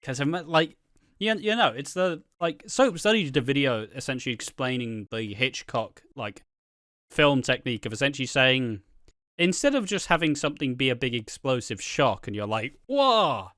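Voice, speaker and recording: A man chats loosely about soap storylines, wandering through his points and swearing freely. His voice is smooth and clear, recorded close and dry with no room sound. He sits at a middling pitch for a man. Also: expressive, moderate pace, a bit bright, dry recording. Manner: rambling, swears freely, acts out quotes. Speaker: soap opera commentator. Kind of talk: casual chat.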